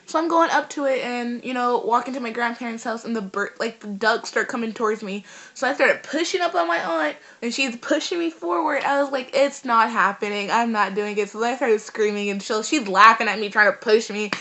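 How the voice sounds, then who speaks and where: A woman's voice: on the high side, fairly quick, hardly any pauses. Chatty teenage girl. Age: teens. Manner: animated, rambling, lots of fillers. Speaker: vlogger. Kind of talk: casual storytelling vlog.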